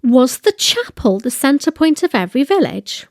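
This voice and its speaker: A woman giving a slow, deliberate grammar lesson, reading example phrases and translating them. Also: high voice, sing-song, a little mellow, dry recording, studio quality. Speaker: language teacher.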